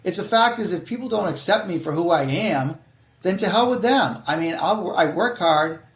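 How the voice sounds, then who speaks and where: A man's voice: high-pitched, expressive, normal speed, echoey room. A middle-aged man with a Boston accent, a guest author telling stories bluntly and animatedly in a casual interview. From Boston area, USA.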